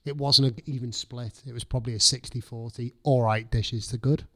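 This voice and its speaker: Swearing chef telling stories. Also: male voice, mid-range voice, fairly quick. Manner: swears freely, lively storytelling, acts out own past thoughts. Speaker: chef guest. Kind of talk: casual podcast chat.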